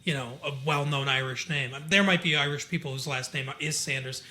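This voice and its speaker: A man's voice: mid-range voice, steady tone, brisk, pushed and bright. A man from Michigan co-hosting a podcast, recapping a TV episode in a chatty, digressive way with lots of fillers. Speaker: podcast co-host. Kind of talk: casual chat recapping a TV episode.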